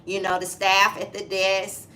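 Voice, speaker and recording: A woman's voice: medium pitch, measured pace, a little hiss or hum. A woman in her forties with a Southern US accent, co-hosting a casual chat show and animatedly retelling a story. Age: 40s. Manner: animated retelling, acting out voices. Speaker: co-host.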